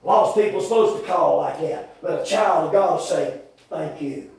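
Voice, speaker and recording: A man preaching a folksy, rambling sermon with sudden shouted bursts in a church. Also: a little high, normal speed, creaky. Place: church hall. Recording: very echoey church from far off.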